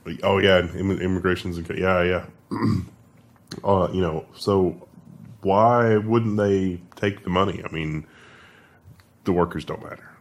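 A man with a somewhat low voice co-hosts a casual tech news show. He is wry and laughs often, and he tosses in sarcastic asides as he reads the stories. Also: steady tone, measured pace, vocal fry. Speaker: co-host.

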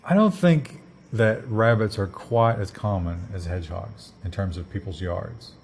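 American dude cohosting a news chat, lowish voice, dry jokes. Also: male voice, a little slow, darkish tone, breathy edge. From United States. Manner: wry, joking asides. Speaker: podcast co-host.

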